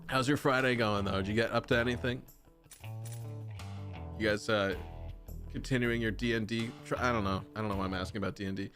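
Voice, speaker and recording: A man's voice: on the low side, fairly even intonation, a little fast, pauses often, fairly bright tone. A man streaming a video game, chatting casually with viewers in joking, rambling, self-mocking banter. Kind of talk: casual live-stream chat. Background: game music.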